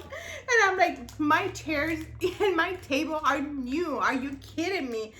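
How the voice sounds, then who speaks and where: A woman's voice: high-pitched, expressive, unhurried, bright, forceful tone. A middle-aged woman vlogger telling a funny family story in a casual way, laughing often and acting out both sides of the conversation.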